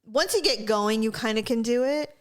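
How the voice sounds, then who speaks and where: A woman co-hosting a podcast in casual chat, giggly and animated as she tells stories. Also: a little high, normal speed, smooth. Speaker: podcast co-host.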